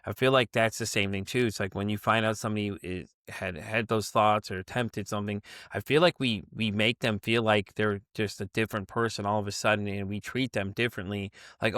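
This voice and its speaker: A man's voice: on the low side, steady tone, fairly quick, few pauses, fairly bright tone, no room sound, studio quality. Blunt, rambling male podcast host. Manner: rambling and blunt, with frequent fillers and curse words. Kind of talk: casual conversational interview.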